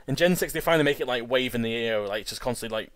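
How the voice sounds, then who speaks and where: A man talking through a video game as host, excitable and rambling, tripping over his words and starting sentences over. His voice sits at an ordinary middle pitch. The sound is dry and close, with no room echo. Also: fast talker. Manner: excitable, chatty, many restarts and repeated words. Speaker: Let's Play host. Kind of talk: casual gameplay commentary.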